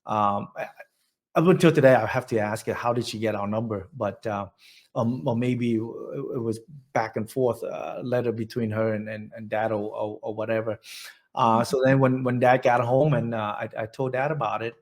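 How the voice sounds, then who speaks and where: Gravelly-voiced man. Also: medium pitch, fairly even intonation. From Vietnam. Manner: halting, repeats words, laughs between thoughts. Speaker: oral history interviewee. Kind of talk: personal storytelling in an interview.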